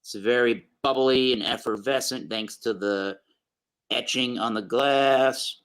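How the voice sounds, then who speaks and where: A man's voice: mid-range voice, fairly even intonation, unhurried, fairly bright tone, smooth, low-quality recording. A man hosting a casual beer review show, rambling through tasting notes with plenty of fillers.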